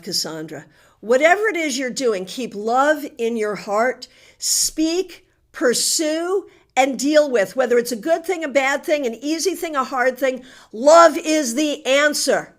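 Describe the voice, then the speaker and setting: A woman's voice: sits high, lively intonation, slow pace. A woman with a New England accent, a tarot reader chatting with her live audience and giving card readings in a friendly, teasing way. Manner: chatty, warm teasing with frequent laughter.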